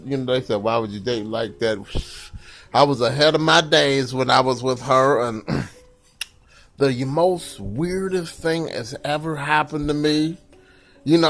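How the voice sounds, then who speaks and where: A man doing a stand-up comedy set, telling loose, rambling stories full of "you know" and jumping into a shrill falsetto wail for panicked bits. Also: gravelly, fairly bright tone.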